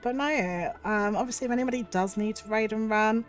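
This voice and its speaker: Husky woman streaming with a cold. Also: mid-range voice, brisk, soft background music. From United Kingdom. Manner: chatty and effusive, thanks viewers warmly. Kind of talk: casual livestream chat.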